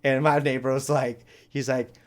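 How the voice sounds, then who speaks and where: A man's voice: mid-range voice, flat delivery, moderate pace. A man hosting a podcast, telling a story casually and rambling, full of "you know" and swearing. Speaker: podcast host.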